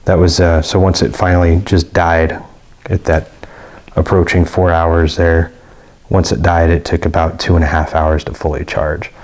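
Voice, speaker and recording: A man's voice: low-pitched, level tone, moderate pace, a little mellow. A man giving a casual, rambling product review with many fillers and restarts. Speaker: gear reviewer.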